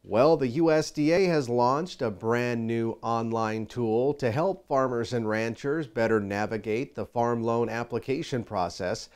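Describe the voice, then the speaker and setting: A male farm news anchor reads his scripted report with a smooth, resonant voice at an ordinary middle pitch. His delivery is upbeat and measured, recorded on a studio microphone. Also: a little mellow.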